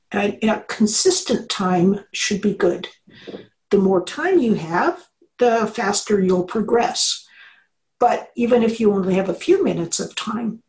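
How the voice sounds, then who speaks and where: In a low-quality recording, a middle-aged engineering professor with a mid-range voice chats in a conversational interview. She's an animated explainer who acts out small quotes in different voices.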